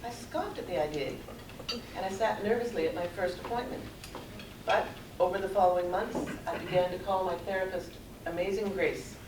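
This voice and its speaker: A middle-aged woman giving a conference talk, telling her own story in an earnest, measured way. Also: lowish voice. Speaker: conference speaker. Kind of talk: prepared personal talk read aloud. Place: conference room. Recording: roomy, distant with background noise.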